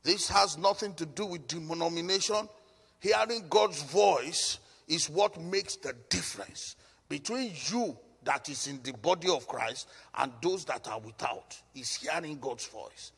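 A man's voice: fairly high pitch, a little slow, creaky, a bit bright, husky, big-room sound. A male pastor preaching a sermon, emphatic and given to repeating phrases.

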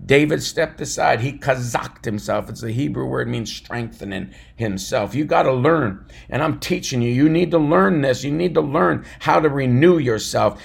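Gravelly high-voiced fervent male preacher. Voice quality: gravelly, husky. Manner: fervent, swings from loud shouts to low murmurs. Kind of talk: podcast sermon.

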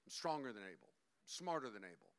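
A man voicing a resentful, proud young man who mutters his boasts in a low voice. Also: sing-song, fast talker, a bit bright. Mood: sulky.

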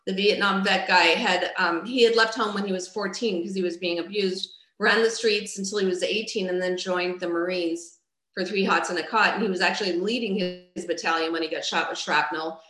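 Middle-aged woman telling her story straight, goes quiet then loud, kinda echoey. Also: steady tone, a little fast. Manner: candid and raw, swinging from low and quiet to loud outbursts. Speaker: speaker sharing her life story. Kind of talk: personal testimony storytelling. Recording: roomy echo.

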